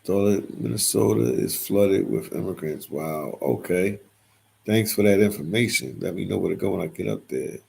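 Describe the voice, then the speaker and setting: A man with a low voice that sits deep in gravelly fry hosts a casual livestream. He reads out the chat and answers it in a loose, repetitive way, and his voice sounds husky. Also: moderate pace, a little mellow. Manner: reads chat comments aloud and replies, repeats phrases. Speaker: livestream host reading viewer comments.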